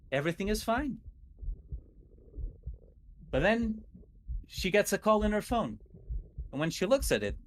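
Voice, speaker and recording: Man, nervous, stuttering, telling a ghost story, fairly high voice, light background hiss. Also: poor audio. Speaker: guest storyteller. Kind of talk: casual spooky storytelling.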